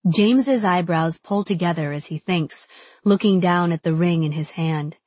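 Low-voiced woman narrating an audiobook. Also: moderate pace, darkish tone, husky, no echo. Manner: intimate, reflective. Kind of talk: first-person audiobook narration.

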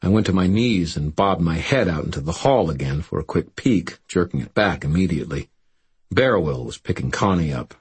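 A man reading a first-person story aloud as an audiobook narrator, telling it in a steady storytelling way. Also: low voice, a little fast, breathy edge.

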